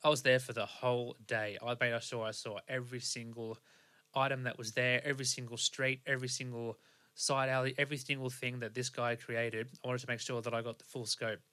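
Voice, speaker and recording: An Australian podcast host, a young man, rambles through his story in a casual monologue, looping back and restarting sentences with plenty of fillers. His pitch is ordinary but bright and forward, and he speaks fairly quickly in a level tone.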